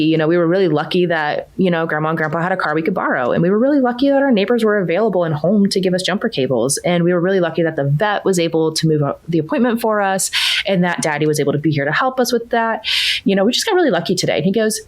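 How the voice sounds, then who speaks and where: A woman in her thirties with a low, deep speaking voice tells a family story in relaxed conversation. She talks casually and gets animated, jumping way up in pitch when she quotes her kids. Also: racing. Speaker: coaching client sharing her story.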